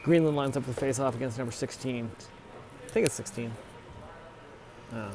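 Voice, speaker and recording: At an ice rink, an amateur commentator calls a youth hockey game in a casual, chatty way, often correcting himself on player names. His voice is mid-range and moderately paced, with background noise.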